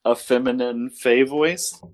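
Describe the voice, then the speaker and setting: A man chatting casually among friends, telling animated anecdotes and laughing often. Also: medium pitch, slow pace, slight background noise. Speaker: player. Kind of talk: casual chat.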